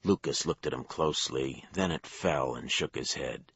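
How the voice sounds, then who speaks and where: A man narrating a crime thriller audiobook in a measured storytelling manner. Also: very deep voice, fairly bright tone, slightly rough, dry recording, dull audio. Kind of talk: scripted narration.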